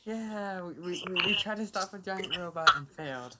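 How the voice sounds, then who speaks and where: A woman's voice: medium pitch, moderate pace, crowd noise. A woman chatting casually about a tabletop game, giggling often. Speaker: player. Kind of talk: casual chat among friends.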